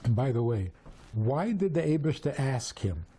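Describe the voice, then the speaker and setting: A man teaching Torah through storytelling, animated and full of rhetorical questions. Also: mid-range voice, normal speed, a little hiss or hum. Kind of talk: storytelling lesson.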